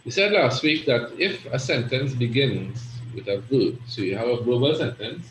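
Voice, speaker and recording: A man's voice: mid-range voice, lively intonation, moderate pace. A man teaching an Arabic grammar class, explaining step by step and often checking in with "right?". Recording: echoey room with faint noise.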